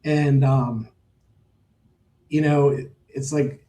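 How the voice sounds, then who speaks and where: A man's voice: medium pitch, steady tone, drawn-out words, mellow, reverberant, rough recording. A middle-aged man, a horse owner, telling stories in a casual interview, rambling with many fillers and restarts.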